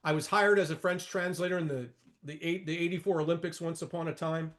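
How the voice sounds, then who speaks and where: Guy in his 60s, pretty high voice for a man, talks markets over charts, punchy and repeats himself a lot. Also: steady tone, brisk, a bit bright. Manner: emphatic, repetitive, folksy asides to viewers. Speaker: market educator. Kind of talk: trading lesson over charts.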